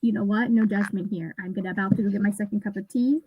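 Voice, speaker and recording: A woman's voice: mid-range voice, steady tone, fast talker, mellow, slightly rough, no echo, low-quality recording. A woman in her thirties hosting a casual online reading session, rambling and laughing often as she chats. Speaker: booktube host. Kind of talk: casual livestream chat.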